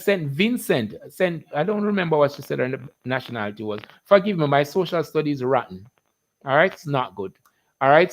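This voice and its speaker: A middle-aged Jamaican man with a Jamaican accent, hosting a casual live biology lesson, greeting viewers by name and drawing out key terms slowly. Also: a little high, rough recording.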